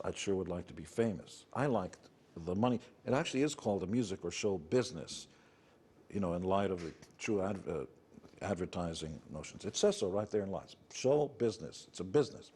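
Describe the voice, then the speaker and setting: A middle-aged American rock musician with a New York accent tells his story as an interview guest, blunt and matter-of-fact. His low voice is animated and brisk, slightly mellow, with a breathy edge.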